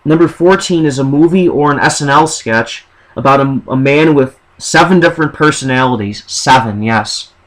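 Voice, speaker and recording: A man's voice: mid-range voice, moderate pace, hardly any pauses, a bit bright, poor audio. A man vlogging, rambling through a list of show ideas in a casual monologue. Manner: rambling, with fillers and restarts.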